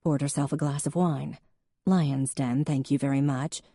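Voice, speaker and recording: A woman narrating an audiobook in an even, measured storytelling manner. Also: low voice, dry recording, studio quality. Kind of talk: scripted narration.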